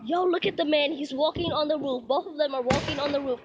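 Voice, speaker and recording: A woman vlogging outdoors at night on her phone, excitedly narrating fireworks to viewers she calls y'all, swearing and laughing. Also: high voice, quick pace, highs cut off, heavy background noise. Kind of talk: excited casual commentary. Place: outdoors at night near a street, light drizzle. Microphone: phone camera held in hand. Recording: phone video with loud firework bangs. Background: loud fireworks and firecrackers.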